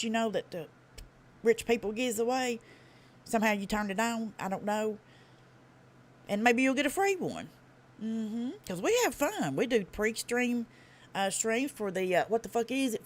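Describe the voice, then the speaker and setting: A woman with a Tennessee Southern accent hosting a live stream, talking fast with a blunt, profane, folksy drawl. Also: a little high. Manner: fast talker. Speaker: livestream host. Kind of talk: casual live-stream commentary.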